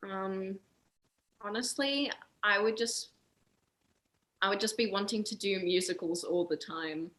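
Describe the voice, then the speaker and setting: A woman's voice: mid-range voice, a little slow, a bit bright. A teenage Australian girl answering interview questions over a video call, hesitant with many ums and little laughs. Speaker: guest, young singer.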